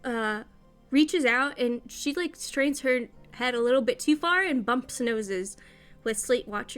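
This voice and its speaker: A woman's voice: fairly high pitch, a little slow, fairly bright tone, faint music behind. A woman game master casually narrating a tabletop game, swearing and using lots of fillers.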